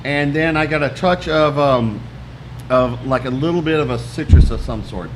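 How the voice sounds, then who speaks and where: A man's voice: mid-range voice, normal speed, a little hiss or hum. A man co-hosting a casual podcast chat, jokey and talkative, giving detailed tasting notes. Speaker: podcast co-host.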